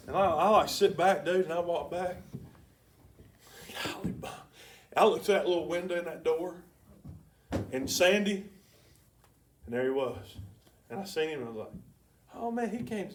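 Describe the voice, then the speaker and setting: A man preaching in a church, telling a story in a colloquial, excitable way with sudden loud bursts. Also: on the high side, moderate pace, pauses often, distant mic, slight background noise. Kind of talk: sermon with storytelling. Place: church sanctuary.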